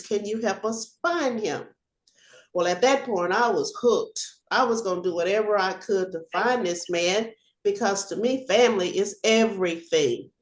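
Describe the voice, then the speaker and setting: On a video call, an older woman who used to be a police officer tells a story from her own life, acting out the shouting and laughing with plenty of animation. Her voice is mid-range and the audio is reverberant.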